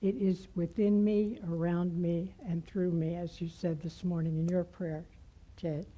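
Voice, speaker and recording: A woman minister giving a gentle, heartfelt sermon in a church. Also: lowish voice, level tone, a little slow, highs cut off. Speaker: guest minister. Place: church sanctuary.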